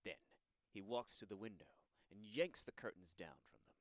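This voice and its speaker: A man's voice: lowish voice, moderate pace, no echo. A man narrating the scene action in a plain, descriptive way.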